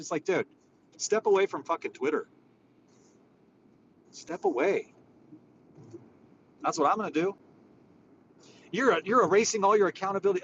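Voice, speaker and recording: Pausing often at a moderate pace, a high-voiced man rants through a casual chat as host of a social audio room, swearing, rambling, and sounding exasperated. The recording is muffled, with faint background noise.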